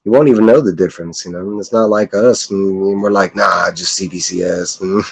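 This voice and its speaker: Young guy, low voice, loose rambling vlog chat, profane, mimics others high. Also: steady tone, a little fast, creaky, slightly rough, low-quality recording. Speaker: comic collector vlogger. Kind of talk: casual chat.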